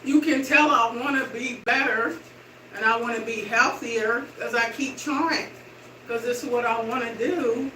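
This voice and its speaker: A middle-aged woman vlogging in casual chat to her viewers while slowly walking and exercising indoors. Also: fairly high pitch, sharp tone. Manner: chatty, slow walking while talking. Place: indoor room with hardwood floor. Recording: roomy, distant and noisy room sound.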